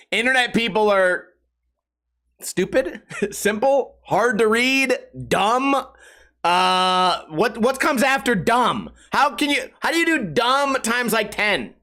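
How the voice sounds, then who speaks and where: A man's voice: high voice, very animated, unhurried, bright, forceful tone. A young man hosting a solo podcast, ranting sarcastically with lots of swearing and mocking impressions of commenters. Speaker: podcast host.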